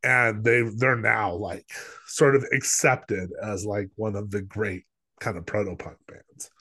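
A man's voice: on the low side, steady tone, a little slow, bright, forceful tone. A man co-hosting a podcast who talks in a casual, rambling way, full of filler words, and acts out what other people said. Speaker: podcast co-host. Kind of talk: casual chat, film review.

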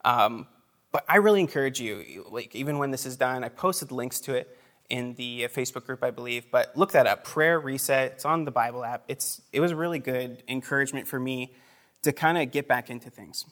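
A man's voice: mid-range voice, a little fast, a bit bright. Chatty man preaching a casual sermon. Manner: conversational, chatty asides, laughs between phrases; frequent fillers and restarts.

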